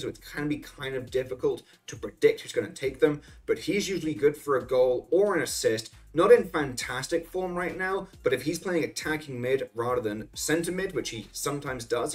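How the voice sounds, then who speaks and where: A man hosting a casual solo rundown of soccer betting picks, chatty and loose, with frequent fillers and self-corrections. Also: medium pitch. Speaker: sports betting analyst host.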